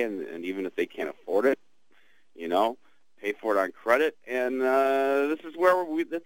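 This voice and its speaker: A man in his sixties hosting a call-in radio show, who talks in a halting way with many restarts. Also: on the low side, dry recording, poor audio. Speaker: radio talk show host.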